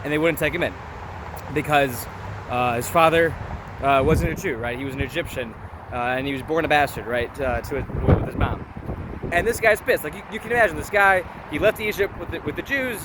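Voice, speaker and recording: A young man with a fairly high voice talks through a scripture story in an informal, chatty vlog manner, often tossing in quick check-ins with the listener. He is recorded outdoors, with steady street traffic clearly heard behind him. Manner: informal, chatty, keeps asking "right?". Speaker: vlogger. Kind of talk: casual commentary on scripture.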